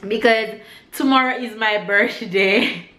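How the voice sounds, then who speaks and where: A woman, a mother, telling a story to her camera at home in a chatty, rambling, excitable way. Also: mid-range voice, slow pace. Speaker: vlogger, mother. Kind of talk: casual vlog storytelling. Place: at home, indoors. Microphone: handheld camera. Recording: echoey room, faint background noise.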